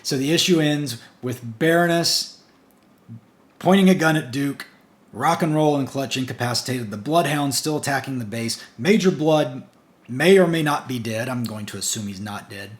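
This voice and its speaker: A medium-pitched man speaking at normal speed gives a casual recap of a comic book issue. He's chatty, running the story's events together in long strings joined by "and" and "basically."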